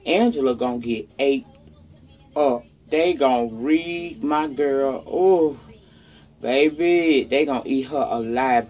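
A woman's voice: a bass voice, slow, darkish tone. A woman with a Southern US accent runs through the week's celebrity gossip in a casual vlog. She talks loosely and profanely, addressing her viewers directly as y'all. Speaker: vlogger. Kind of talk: casual commentary on news and gossip.

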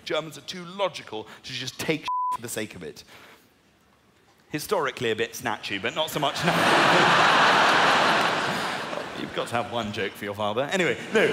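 A man with an English accent doing stand-up comedy, animated, sweary and mock-indignant. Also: medium pitch. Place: live comedy venue. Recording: echoey hall, loud crowd noise.

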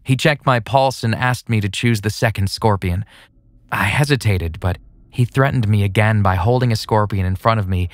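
A man narrating a first-person horror story in a steady, plain scripted read. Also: fairly low pitch, moderate pace, dry recording. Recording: soft music underneath.

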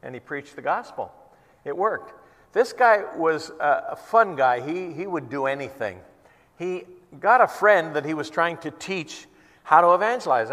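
High-voiced male pastor in a reverberant hall. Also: expressive, unhurried, fairly bright tone. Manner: earnest, conversational storytelling. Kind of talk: sermon. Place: church worship service. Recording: long reverb in a church hall.

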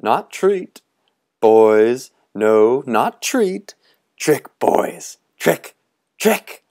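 Man plays tall bony old specter: booming, theatrical, slow and gravelly, relishes every word. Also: animated, heavily acted. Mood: gleeful.

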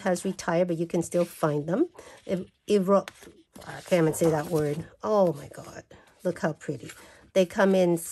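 A woman's voice: lowish voice, gravelly, warm tone, slight background noise. A woman vlogger gushing and exclaiming as she unboxes and flips through craft paper. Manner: gushing, exclaims over everything. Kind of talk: casual unboxing chat.

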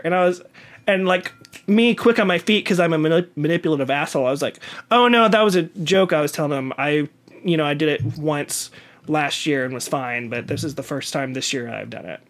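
A man's voice: fairly high pitch, a little fast. A young man co-hosting a casual podcast chat, telling stories with lots of "like" fillers and acted-out quotes. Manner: rambling storyteller, many "like" fillers, acts out quotes. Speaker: podcast co-host.

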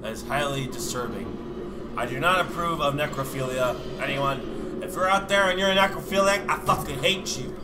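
A man watching a friend play a horror game, teasing him, laughing and giving advice, with loud music behind. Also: fairly high pitch, moderate pace, background noise. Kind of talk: joking let's-play commentary.

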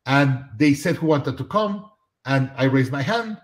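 Man telling a lively story. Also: medium pitch, measured pace. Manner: animated, acts out dialogue in anecdotes. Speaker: guest. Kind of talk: storytelling in a live talk.

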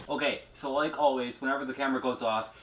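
A man's voice: mid-range voice, fairly quick, heavy background noise. A man filming a casual vlog at home, joking and laughing as he cooks with a handheld camera. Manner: playful, laughs often. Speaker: vlogger. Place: home kitchen.

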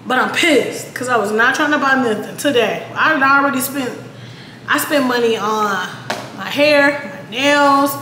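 A woman's voice: high voice, unhurried, sharp tone. A woman vlogging at home, chatty and casual, talking straight to her viewers and cursing when annoyed. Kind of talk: casual vlog chat. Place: apartment at home. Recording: echoey room with background noise.

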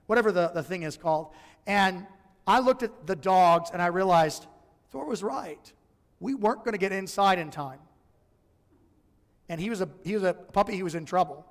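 A man with a high voice preaches in a casual, joking way, with a lilt. His voice rings out in a church sanctuary, with a long reverb trailing each line of the live stream. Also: moderate pace, long pauses. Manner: conversational and humorous, acts out voices in his stories. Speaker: pastor. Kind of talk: sermon.

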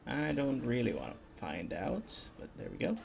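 Gravelly, lively-voiced gaming man. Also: medium pitch, moderate pace. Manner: casual, half-mumbled, self-talking. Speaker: gaming video host. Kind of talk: let's-play commentary. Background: faint game music.

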